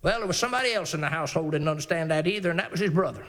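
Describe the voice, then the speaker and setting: A man preaching a sermon in an animated way, acting out the characters in the story and reading scripture in a slow, measured cadence. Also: on the high side. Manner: animated preaching, acts out Bible characters' voices; reads scripture in slow King James cadence.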